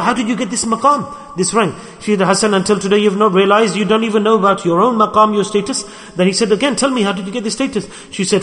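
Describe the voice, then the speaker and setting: This high, slightly bright male voice trails off in a long reverb. He's delivering a sermon to his brothers, storytelling as he performs the voices of the characters he quotes.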